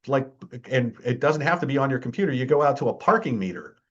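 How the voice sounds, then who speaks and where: A man's voice: mid-range voice, lively intonation, fast talker, a bit bright, muffled recording. A man presenting a security awareness training. He talks in a chatty, emphatic way, keeps checking in with the audience, and mocks scams with dry humor. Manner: wry, mocking tone toward scams.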